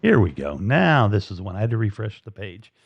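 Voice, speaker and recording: A man's voice: lowish voice, big pitch swings, a little fast, creaky, slightly rough, dry recording. A man hosting a live stream, chatting casually and rambling with lots of fillers and restarts. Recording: dull lo-fi stream audio.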